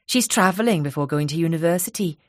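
A woman's voice: low voice, expressive, dry recording, studio quality. Woman reading a polite, curious newcomer. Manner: polite, measured, inquisitive. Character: newly arrived mother, polite and curious.

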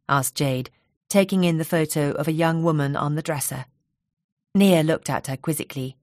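A woman with a fairly low voice reads a novel aloud, calm and even. The recording is dry and close, with no room echo. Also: moderate pace. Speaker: audiobook narrator. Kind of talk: scripted storybook narration.

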